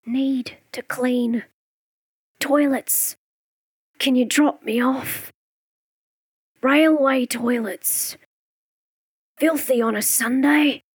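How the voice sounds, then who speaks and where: A woman's voice: high voice, fairly even intonation, drawn-out words, long pauses, slightly rough, no room sound, studio quality, exaggerated voice. A woman voicing a burnt, delirious man in a carrot costume, screaming hysterically in a story reading. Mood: faint whisper.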